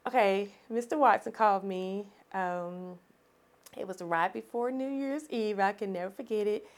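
A woman, a podcast guest telling her story in an animated, expressive way and laughing often. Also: mid-range voice, moderate pace. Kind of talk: storytelling in conversation.

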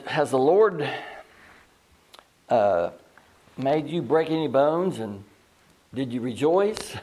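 A man teaching a Bible study in a folksy, halting way, reading scripture slowly. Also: mid-range voice, darkish tone. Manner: folksy, plain-spoken and halting.

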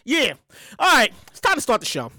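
A woman hosting her own podcast in a casual solo monologue, loud, hyped, profane and rambling, often repeating herself. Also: high voice, wildly swooping pitch, brisk, dry recording, clean studio sound. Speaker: podcast host.

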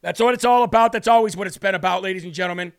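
A man's voice: high-pitched, racing, creaky. A man hosting a live political commentary show, emphatic and sarcastic, firing rhetorical questions at viewers. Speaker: host.

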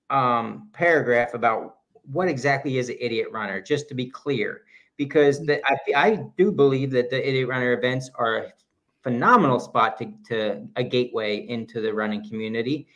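A man's voice: mid-range voice, fairly bright tone. Easygoing man podcast co-host. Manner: easygoing, halting with fillers. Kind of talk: casual chat.

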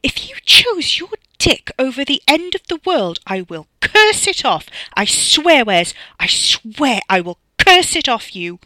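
Woman voicing a shrill, furious young woman. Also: big pitch swings, measured pace, sharp tone, no room sound, full character voice. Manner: shrill, indignant, scolding. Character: angry young woman friend scolding by phone.

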